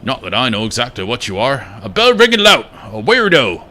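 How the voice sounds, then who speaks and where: A man voicing a gruff, grumpy male bug shrine keeper who scolds loudly in a game. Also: mid-range voice, huge pitch swings, fairly quick, voice pushed up. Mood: mocking. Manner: loud scolding, calls people louts.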